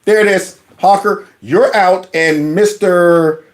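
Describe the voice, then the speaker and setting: A man hosting a political commentary vlog, mocking a clip with sarcastic asides and repeating its words back. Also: takes it slowly. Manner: animated, swings from loud jabs to low mutters. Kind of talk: reaction commentary on a video clip.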